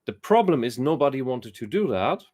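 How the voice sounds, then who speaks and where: A man's voice: medium pitch, sing-song, a little fast, darkish tone. A man from Germany, a podcast guest who talks bluntly and opinionatedly and swears. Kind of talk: casual conversation.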